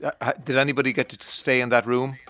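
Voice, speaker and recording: An Irish man hosting a radio interview show, chatty and quick to laugh, often restarting his sentences. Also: medium pitch, flat delivery, sharp tone, a little hiss or hum.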